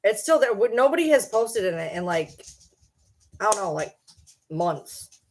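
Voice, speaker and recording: A woman's voice: mid-range voice, sing-song, measured pace, a little mellow, a little hiss or hum. A middle-aged woman hosting a casual livestream, chatting loosely with viewers, swearing casually and baby-talking to her pets. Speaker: livestream host.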